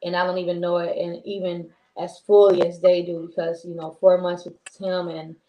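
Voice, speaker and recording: A woman's voice: on the low side, little pitch movement, normal speed, mellow. A woman co-hosting a casual talk show, rambling and chatty with many restarts. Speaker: co-host. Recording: roomy echo.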